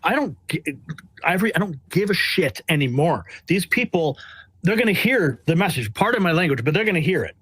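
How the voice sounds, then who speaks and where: Blunt, animated man with a fairly high voice. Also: a little fast, slightly rough, no room sound. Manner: blunt, animated, acts out quotes. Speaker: White House press correspondent. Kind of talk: casual interview storytelling.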